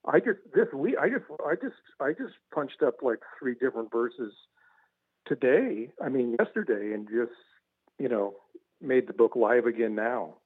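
A man's voice: medium pitch, animated, moderate pace, husky, no echo. A man calling in as a guest author, talking casually and rambling with lots of restarts. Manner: rambling, repeats words, laughs at his own stories. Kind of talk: casual radio interview. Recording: tinny phone line.

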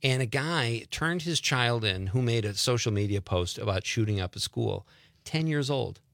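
Male talk radio host, bright, crisp, relaxed chatter, close dry sound. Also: medium pitch, normal speed, no echo. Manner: chatty, laughs easily. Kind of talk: casual radio chat.

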